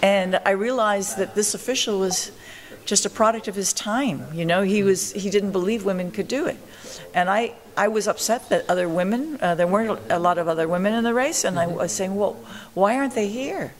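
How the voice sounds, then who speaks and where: A woman's voice: mid-range voice, brisk, few pauses. An older woman in an interview, telling her story with animation and acting out the voices of the people she quotes. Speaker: interviewee, marathon pioneer.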